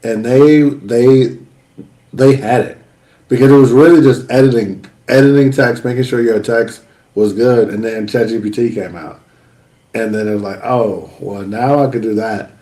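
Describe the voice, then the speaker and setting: A man's voice: medium pitch, fairly even intonation, normal speed, warm tone, echoey room, rough recording. A man on a panel speaking loosely with repeated starts, over a video call. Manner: repetitive starts, loose colloquial talk. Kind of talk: casual panel chat.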